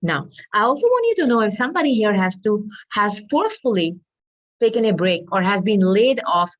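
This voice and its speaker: Lively-voiced woman giving a tarot reading. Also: mid-range voice, a little fast, dull audio. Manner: intuitive, repeats herself, hedging asides. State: losing her voice. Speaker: tarot reader.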